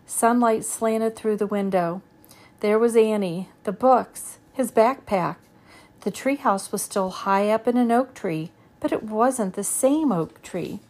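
A woman reads a children's chapter book aloud. Her delivery is steady and even, the way a storyteller keeps the tale moving. Her voice sits at a middle pitch for a woman. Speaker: reader.

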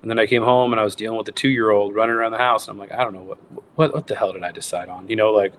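A lower-voiced man in his thirties tells his story in a relaxed interview, slipping into quick impressions of bosses and clients as he goes. He restarts his sentences often. A faint hiss sits under the recording. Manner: animated storyteller acting out quoted voices, many restarts. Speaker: guest, wild game cook and recipe writer.

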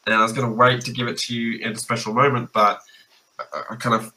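A man's voice: medium pitch, flat delivery, quick pace, pushed and bright, poor audio. A man playing a small male bard who stammers through earnest apologies.

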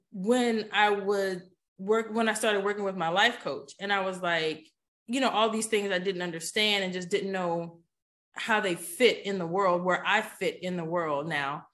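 A woman guest on a podcast, telling a story in a casual, animated way and often checking in with "you know what I'm saying?". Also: mid-range voice. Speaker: podcast guest, poker player.

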